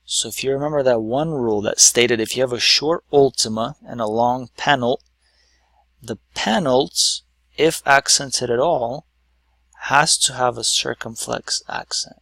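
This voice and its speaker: Gravelly man teaching step by step. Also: mid-range voice, unhurried, a bit bright, no echo. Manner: patient, step-by-step explaining with fillers. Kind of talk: whiteboard lesson.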